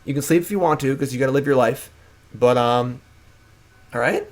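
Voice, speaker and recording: A man's voice: medium pitch, normal speed. A young adult man hosting a live stream, chatting casually and playfully hyping up his pet. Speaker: streamer and host.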